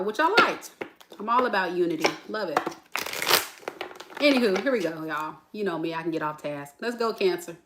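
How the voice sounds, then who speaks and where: Chatty, bright-voiced woman tarot reader. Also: lowish voice. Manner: chatty, animated, addresses viewers as y'all. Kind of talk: casual tarot reading livestream.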